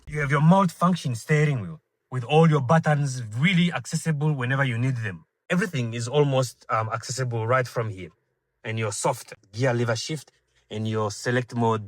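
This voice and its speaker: Recorded dry, a man of medium pitch gives an eager walkaround review of a car. He highlights its features, leans heavily on fillers and greets viewers as ladies and gentlemen.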